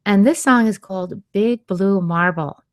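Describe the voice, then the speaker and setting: A woman hosting a radio show on healing, speaking in a gentle, soothing way. She takes her time, drifting into quiet asides and soft laughter. Her pitch sits in the middle range for a woman, and her delivery stays slow. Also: no echo, clean studio sound. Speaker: radio show host and vocal sound healer.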